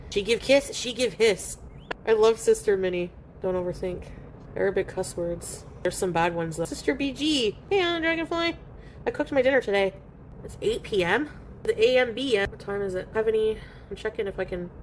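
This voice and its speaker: A woman's voice: medium pitch, animated, moderate pace, a little hiss or hum. A woman live streaming from home, chatting casually and reading viewer comments aloud while she eats. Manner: chatty and rambling, eating while talking.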